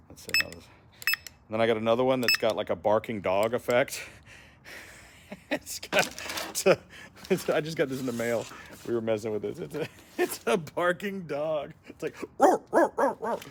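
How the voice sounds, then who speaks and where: Chatty excitable man, noisy camera audio. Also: medium pitch. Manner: chatty, excitable, laughs often. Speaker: vlogger. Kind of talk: casual walk-around vlog. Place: trailer and workshop yard.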